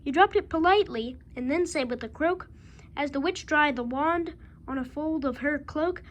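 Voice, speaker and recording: A woman reading a rhyming picture book aloud with a steady rhythm. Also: high-pitched, normal speed. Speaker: reader.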